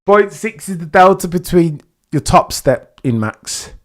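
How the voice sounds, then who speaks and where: Excitable live race streamer. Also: male voice, high voice, measured pace. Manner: swings from calm reading of gaps to loud shouting; fan-like, pleading with drivers, chatty with viewers.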